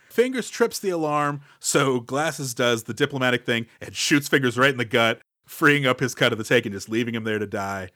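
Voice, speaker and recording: A man's voice: mid-range voice, a little fast, few pauses, no echo, studio quality. A man co-hosting a casual movie podcast, recapping scenes with playful jokes and asides. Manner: animated, jokey, recaps plot with playful asides. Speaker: podcast co-host.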